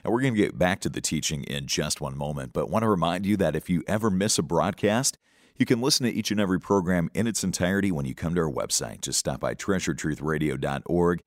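A man hosting a radio program, reading announcements between parts of a sermon in a smooth, even delivery. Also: deep voice, fast talker, dry recording, studio quality.

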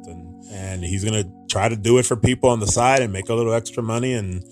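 A man telling his own story in an interview, earnest and halting, often restarting his sentences. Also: fairly low pitch, faint music behind. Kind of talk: personal account in an interview.

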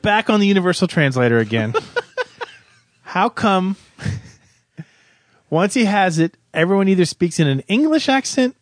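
Exasperated ranting man, lively voice. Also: sits high, measured pace, long pauses, no room sound. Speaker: podcast co-host. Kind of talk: comedic rant about a film.

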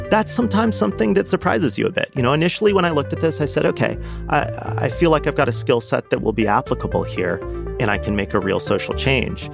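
A man who makes online classes, speaking in a casual interview, lively and rushing in bursts. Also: mid-range voice, gravelly. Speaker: course creator and founder.

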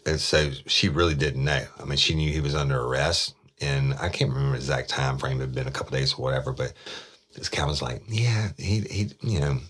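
A middle-aged man with an extremely deep, husky voice. He tells a true-crime story from his police days in a casual, blunt way, with the odd curse. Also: flat delivery, quick pace, fairly bright tone. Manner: blunt, plain-spoken, swears freely. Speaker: podcast host, former police detective.

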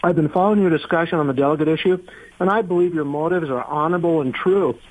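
Male radio caller, earnest and apologetic, phone-line sound, slightly high voice. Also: fast. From Oregon. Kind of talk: phone-in call. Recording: tinny phone line on speakerphone.

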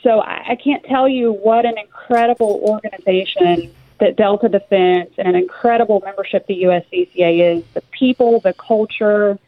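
A woman's voice: medium pitch, animated, moderate pace. A woman with a Southern US accent from Tennessee, a guest in a radio interview, talking in an earnest, conversational way. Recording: dry, phone-like line.

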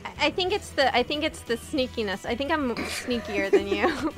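A woman's voice: high-pitched, expressive, normal speed, over music. A woman hosting a podcast, chatting in a teasing, playful way and laughing often. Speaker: podcast host. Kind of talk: casual chat.

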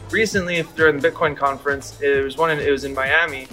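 A man's voice: fairly high pitch, steady tone, quick pace, sharp tone, faint music behind. A man being interviewed, telling a story casually, rambling and swearing as he quotes himself and others.

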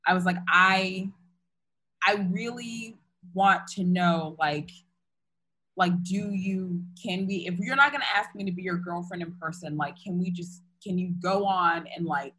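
Husky-voiced woman telling a story. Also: on the low side, measured pace, low-quality recording. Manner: candid, animated retelling with many fillers and restarts. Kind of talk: casual storytelling chat.

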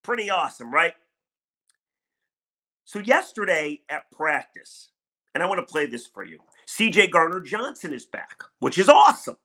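A man's voice: on the high side, very animated, moderate pace, sharp tone. A middle-aged man hosting a solo sports talk podcast, candid, conversational and emphatic. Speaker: sports radio podcast host.

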